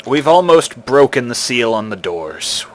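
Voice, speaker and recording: A man voicing a solemn male librarian priest in a tabletop game, measured and cryptic. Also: mid-range voice, big pitch swings. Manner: measured, cryptic, slow-spoken.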